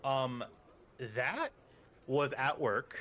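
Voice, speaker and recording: Man game master, rambling storyteller, lively swooping pitch, faint background hiss. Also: extremely slow. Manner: animated rambling storyteller, squeaky high voice for quotes. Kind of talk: casual pre-game banter and game narration.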